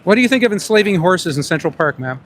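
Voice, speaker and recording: A man's voice: high-pitched, expressive, fast, a little hiss or hum. A man interviewing passersby on a city street for his vlog, calling out the same question again and again. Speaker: street interviewer and animal rights activist. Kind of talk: street vox-pop vlog. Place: outdoors on a busy city street by a park.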